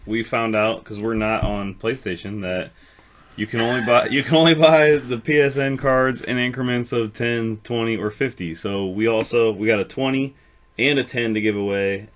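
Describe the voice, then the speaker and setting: A man's voice: mid-range voice, normal speed, fairly bright tone. A man co-hosting a casual podcast, chatting in a laid-back way and swearing now and then. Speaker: podcast co-host. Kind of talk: casual chat.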